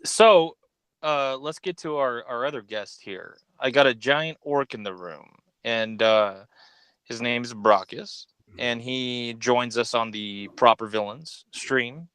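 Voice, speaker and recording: A man's voice: medium pitch, takes it slowly, fairly bright tone, smooth, no room sound. A man hosting a casual stream chat, joking and rambling as he introduces his guests. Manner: joking, rambling, swears freely. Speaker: host.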